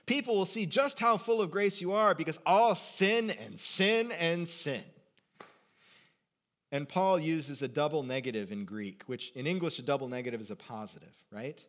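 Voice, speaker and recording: A male pastor preaching a sermon, animated, swinging between loud emphasis and quiet conversational asides, joking with his congregation. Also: medium pitch.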